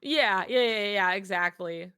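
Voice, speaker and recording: A woman co-hosting a casual fan discussion podcast, talking in a rambling, animated way with lots of filler words. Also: medium pitch, normal speed, clear, resonant tone, no room sound.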